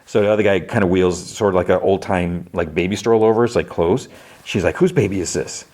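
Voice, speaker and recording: Deep-voiced man rambling on a podcast. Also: steady tone, fast, a little mellow. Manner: rambling, loose delivery full of "like" and restarts. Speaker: podcast host. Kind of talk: casual spoken recap.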